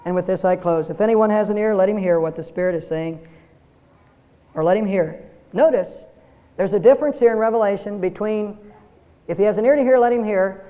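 Mellow-voiced male preacher in a reverberant hall. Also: sits high. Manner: earnest, emphatic preaching with rhetorical questions. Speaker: pastor. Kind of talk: sermon. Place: church sanctuary.

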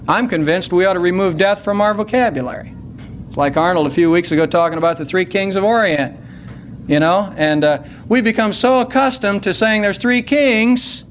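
A man preaching a sermon at a church service, earnest and unhurried, slowing down to stress key words. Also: high voice, a little hiss or hum. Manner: earnest, slows down to stress scripture.

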